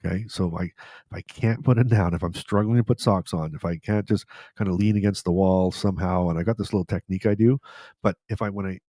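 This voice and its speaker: A middle-aged man with a fairly low voice gives casual advice as a podcast host. He rambles and circles back, repeating key phrases for emphasis. The sound is dry and close, with no room around it. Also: fairly even intonation, fast talker, warm tone, no echo.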